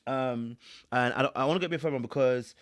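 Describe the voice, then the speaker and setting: A man's voice: medium pitch, quick pace. A man, a relationship coach giving emphatic, preachy reaction commentary.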